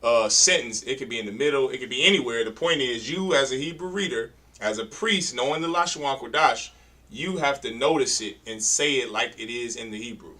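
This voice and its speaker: A man's voice: mid-range voice, fairly quick, pushed and bright, poor audio. A man teaching a class to read Hebrew, correcting students and stressing pronunciation in a colloquial way. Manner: emphatic, corrects readers, colloquial. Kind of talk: classroom instruction.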